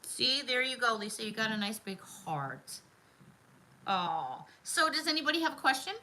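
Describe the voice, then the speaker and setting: A middle-aged woman with a very bright, ringing voice chats casually on a livestream, pitched a little high. She greets viewers by name, laughs easily and talks in a friendly, rambling way. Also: expressive, moderate pace, low-quality recording. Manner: chatty, warm-hearted, laughs often, talks to viewers by name. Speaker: livestream host. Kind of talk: casual chat reading viewer comments.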